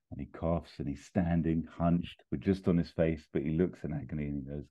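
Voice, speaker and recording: Guy telling a funny movie pitch, deep voice, tinny phone-like audio. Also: a little fast, hardly any pauses. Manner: animated, laughs while telling the story. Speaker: podcast host pitching a film scene. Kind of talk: comic storytelling narration.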